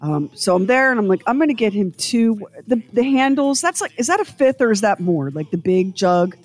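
A woman's voice: mid-range voice, a little fast, soft background music. A woman co-hosting a radio show, telling a story in casual chat and acting out quotes and sounds as she goes. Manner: animated storyteller, acts out quotes and sound effects.

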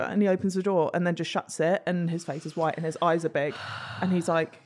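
Young woman, lower voice, animated storyteller, swears freely, acts out voices. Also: a little fast, slight background noise. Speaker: guest. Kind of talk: casual chat, storytelling.

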